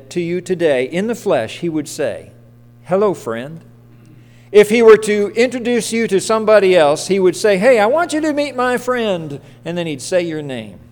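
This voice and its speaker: A man gives a sermon in a church, talking plainly and often asking questions of the people in the pews. His voice sits a little high for a man. The sound has a long reverb off the walls of the hall. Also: a little mellow. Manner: conversational, asks the congregation questions. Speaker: pastor. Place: church sanctuary.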